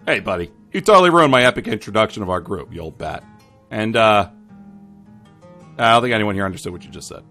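A man's voice: on the low side, animated, fast, pauses often, sharp tone, soft background music. A man voicing a boisterous, dim-witted knight who rambles with many fillers, in an audio drama. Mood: brash.

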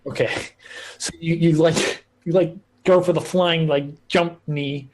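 A man's voice: fairly high pitch, fairly even intonation, unhurried, darkish tone. A young man narrating as game master, rambling with lots of filler likes.

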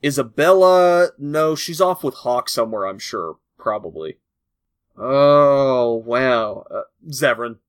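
A man's voice: mid-range voice, animated, takes it slowly, smooth, no room sound, studio quality. A man co-hosting a casual podcast, rambling and joking as he talks. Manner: rambling and joking, laughs often. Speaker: podcast co-host.

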